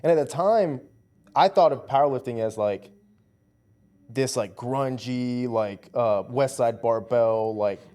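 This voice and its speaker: A young man in his twenties chats as a guest on a casual talk show. He tells his story in an animated way, packed with "like" and "dude". His voice sits at an ordinary middle pitch. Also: unhurried. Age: 20s. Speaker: powerlifter guest. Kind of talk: casual conversation.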